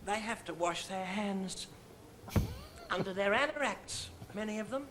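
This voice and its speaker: A man's voice: sits high, lively intonation, unhurried, bright, forceful tone, slight background noise, full character voice. A man playing a flamboyant, cheeky older female celebrity who teases in an arch comic manner. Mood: mocking. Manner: arch, teasing comic delivery. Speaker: comic guest.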